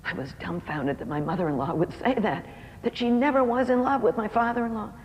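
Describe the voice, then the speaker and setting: A speaker telling a personal story from the pulpit, pitched in a middle range. The voice carries a long hall reverb. Faint noise sits underneath it. The speaker slows down and drops softer on key phrases. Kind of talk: storytelling sermon talk.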